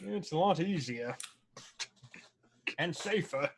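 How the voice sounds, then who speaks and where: A man's voice: on the high side, expressive, slow pace, slight background noise. A man playing in a tabletop game, chatting casually and joking animatedly about his rolls. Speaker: player.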